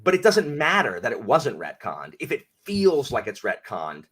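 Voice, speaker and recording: A man who works as a teacher, a guest on a casual podcast chat, who gets emphatic and animated when he argues a point. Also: medium pitch, normal speed, breathy edge.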